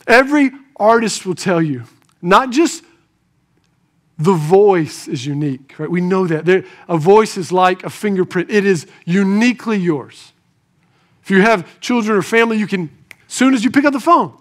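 A man with a strikingly high voice preaches a sermon to his congregation. He swings from quiet, thoughtful asides to raised, emphatic lines, and keeps putting rhetorical questions to the room. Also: animated, normal speed. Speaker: pastor.

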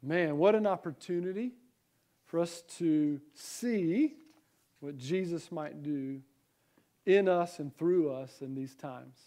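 High-voiced Southern pastor preaching. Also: male voice, takes it slowly, mellow. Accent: Southern American. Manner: conversational preaching with rhetorical questions. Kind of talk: sermon.

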